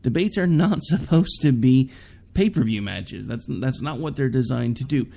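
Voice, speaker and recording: A man's voice: mid-range voice, lively intonation, moderate pace, vocal fry, mellow. A man hosting a political talk show, chatting casually and giving opinionated takes with sarcastic asides. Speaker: podcast host.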